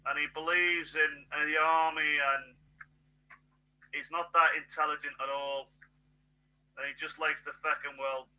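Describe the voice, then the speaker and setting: A man in a rambling, agitated monologue, swearing and bursting into shouts. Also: a little high, low-quality recording.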